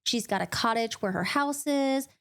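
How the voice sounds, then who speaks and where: A young woman gives a casual, rambling recap of a novel to her viewers. She giggles often and jumps into playful voices for the characters. Her voice sits a little above the usual pitch for a woman. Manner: chatty, giggly, acts out characters in quick put-on voices. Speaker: book channel host.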